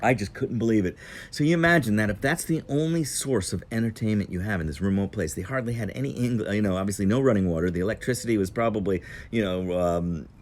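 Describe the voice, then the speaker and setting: A man's voice: on the low side, a little mellow. A man telling a casual, meandering travel story on an outdoor patio. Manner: meandering, digressive, unhurried.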